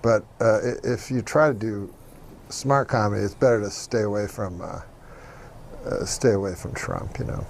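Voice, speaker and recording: A man, a comedian being interviewed, talking in a halting deadpan way with many fillers. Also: fairly low pitch, creaky, slight background noise.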